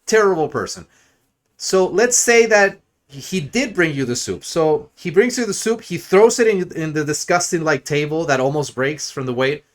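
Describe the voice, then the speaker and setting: A man's voice: a little high, sing-song, normal speed. A man streaming a crude, sarcastic, rambling rant in a mocking commentary style.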